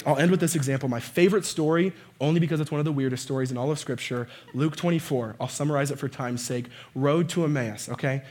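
A man preaching a conversational sermon, often checking in with "right?" and "okay?" and swinging from quiet asides to shouting. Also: a little high, quick pace, hardly any pauses.

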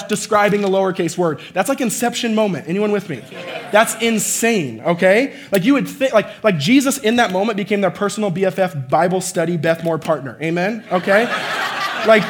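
A man preaching a conversational sermon, often checking in with "right?" and "okay?" and swinging from quiet asides to shouting. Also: high voice, lively intonation, fairly quick.

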